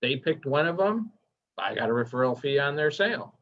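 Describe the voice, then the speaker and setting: A man's voice: medium pitch, expressive, fairly quick. A man giving a casual training lecture, enthusiastic and chatty, asking the class questions as he goes. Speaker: workshop instructor. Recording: dull lo-fi recording.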